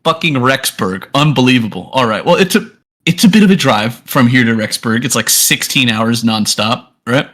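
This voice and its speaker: A man's voice: mid-range voice, expressive, normal speed, a bit bright. A young man, a podcast co-host, in casual banter, throwing in crude jokes and swearing. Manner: crude jokey interjections, swearing.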